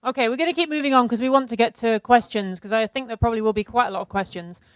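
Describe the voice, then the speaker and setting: A middle-aged woman walks a seminar audience through practical business advice in a brisk, organized, businesslike way. Her voice is smooth and resonant and sits a little high. The sound is dry. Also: no echo. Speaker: seminar co-presenter. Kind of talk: instructive business presentation.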